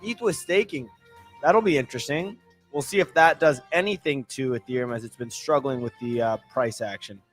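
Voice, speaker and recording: A man's voice: medium pitch, fairly quick, faint music behind. A man co-hosting a casual crypto podcast, reading market news with brash, sarcastic asides and casual swearing. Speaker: podcast co-host.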